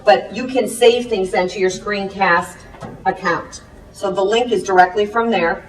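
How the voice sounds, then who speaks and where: Woman, teacher, chatty presentation, quick asides, roomy far-off sound. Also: mid-range voice, steady tone. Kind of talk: classroom presentation. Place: presentation room. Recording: echoey room, far from the mic.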